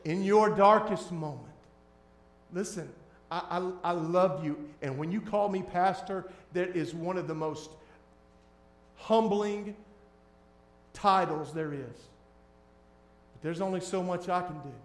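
A man preaching as a pastor, shifting between hushed, tender lines and loud, emphatic ones. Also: sits high, unhurried, long pauses, roomy sound. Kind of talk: sermon.

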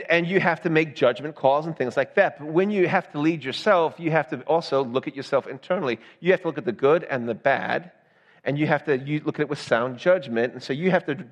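A pastor from the Southern United States preaching a sermon, talking conversationally and often checking with the congregation with "right?". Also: male voice, on the high side, big-room sound, highs cut off.

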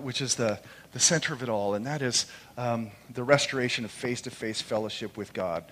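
A middle-aged man preaching a sermon in church, impassioned, moving between loud proclamation and soft, quiet storytelling. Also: mid-range voice, fairly quick. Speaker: pastor. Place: church sanctuary during a service. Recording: long hall reverb.

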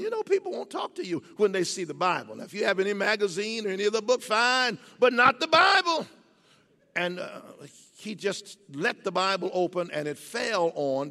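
An older man preaching a sermon, swinging from low, quiet passages to soaring, emphatic shouts. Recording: long hall reverb.

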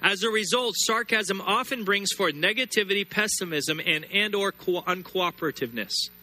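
A man preaching a sermon, emphatic, repeating words and slowing down hard on key lines. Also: sits high, sharp tone. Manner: emphatic, repeats words and builds phrases, slows sharply on scripture.

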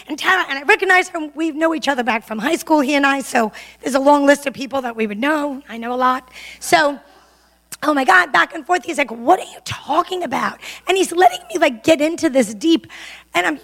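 A woman telling a funny personal story to a church audience, self-mocking and animated. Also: sits high, fairly quick. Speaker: testimony speaker. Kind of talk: storytelling testimony. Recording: long hall reverb.

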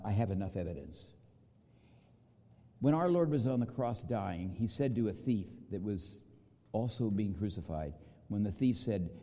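Preacher man in a reverberant hall. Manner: storytelling with acted quotes, lively pitch swings. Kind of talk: sermon.

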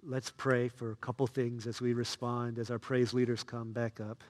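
Male pastor, mid-pitched, lively storyteller, soft to loud. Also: moderate pace, hardly any pauses, in a large hall. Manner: storytelling, swings between soft and loud, excited. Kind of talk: sermon.

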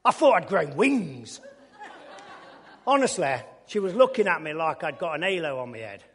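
A man's voice: a little high, big pitch swings, moderate pace. Man preaching his testimony in a reverberant hall. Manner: colloquial storytelling, bursts of loud enthusiasm. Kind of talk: testimony sermon.

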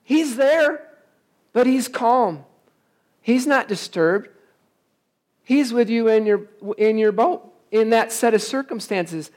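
A man's voice: high voice, takes it slowly. Emphatic preaching man. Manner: emphatic, asks the congregation rhetorical questions. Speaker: pastor. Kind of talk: sermon. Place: church service, also streamed online.

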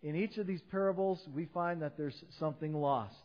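A middle-aged man pastor preaching a sermon, swinging between loud emphatic peaks and low quiet drops. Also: fairly quick. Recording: dull sound with long hall reverb.

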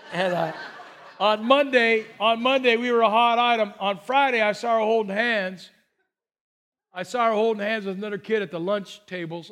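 An older man delivers a sermon in a high-pitched voice. He moves between chatty personal stories and sudden quiet, soft lines for emphasis, with a self-deprecating sense of humor. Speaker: pastor.

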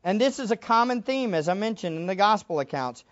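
A woman teaching a Bible lesson as a sermon, emphatic and animated, acting out the quotes she reads. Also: medium pitch, brisk, lo-fi sound.

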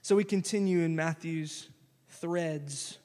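On the high side and speaking slowly, a male pastor walks listeners through a scripture reading in a lively, chatty sermon full of casual asides. The recording carries a long church-hall reverb.

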